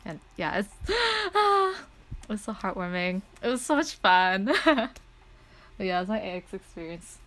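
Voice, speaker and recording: Young woman, streamer, casual story time, excitable, laughs often, filler-heavy chatter. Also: mid-range voice, moderate pace.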